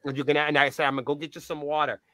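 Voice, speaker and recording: Profane, animated male storyteller. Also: on the high side, racing, no echo. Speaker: band's point of contact. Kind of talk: casual anecdote-telling in a podcast interview.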